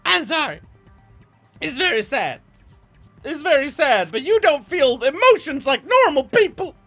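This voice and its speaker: A man's voice: extremely high pitch, sing-song, a little slow, pushed and bright. A young man chatting on a live game stream, emotional and goofy, rambling and laughing at himself. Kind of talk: casual live-stream chat. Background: faint game music.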